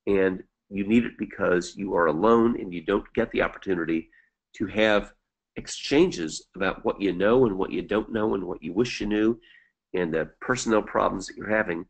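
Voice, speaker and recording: A middle-aged man presenting an educational webinar as host, earnest and deliberate, repeating key points slowly. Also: lowish voice, creaky, breathy edge, low-quality recording.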